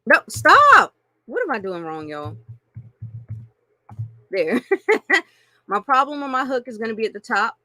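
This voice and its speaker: A woman coaching on marketing in an animated, playful way, laughing often and addressing listeners as y'all. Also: a little high, quick pace, few pauses, no room sound. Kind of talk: teaching a marketing lesson with acted-out examples.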